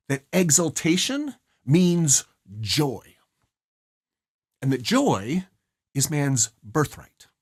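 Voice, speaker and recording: A man presents a study guide in an earnest, emphatic way. His slightly husky voice swings widely in pitch and jumps high on the words he wants to stress. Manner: earnest, emphatic, rises sharply on key phrases. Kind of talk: explaining a novel's scene and song lyrics.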